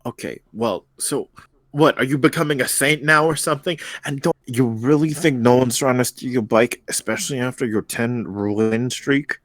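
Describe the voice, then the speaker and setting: A man's voice: medium pitch, normal speed, fairly bright tone, dry recording, natural voice. A man voicing a nervous, flustered young man who stammers as he talks to an old friend. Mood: teasing.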